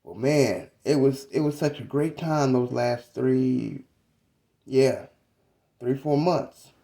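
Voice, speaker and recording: A man in his thirties telling a personal story about his mother in a reflective, halting, casual way. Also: mid-range voice, vocal fry, mellow. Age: 30s.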